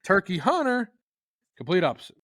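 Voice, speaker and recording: Here a high-voiced man, a guest who's an expert in turkey calling, gives an energetic, casual how-to and performs turkey sounds in comic voices. He keeps a moderate pace, and the recording is dry and studio quality.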